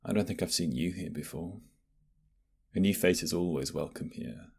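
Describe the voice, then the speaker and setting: A man playing a husky, gravelly flirty barista in whispered role-play. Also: sits low, moderate pace, full character voice. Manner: flirty, teasing, soft-spoken. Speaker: ASMR roleplay voice actor.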